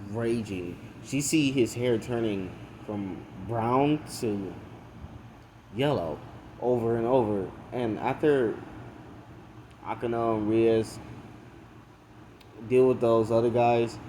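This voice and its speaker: Young male video creator, casual fan-story retelling, hesitant, lots of ums, low mellow voice. faint hum behind. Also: poor audio. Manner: hesitant, full of fillers.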